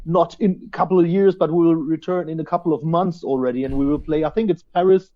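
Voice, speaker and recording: A man's voice: fairly high pitch, fairly even intonation, quick pace, lo-fi sound. A male musician giving enthusiastic interview answers, restarting words as he talks, over a remote line. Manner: enthusiastic, repeats words as he starts sentences. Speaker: band singer and guitarist, interview guest.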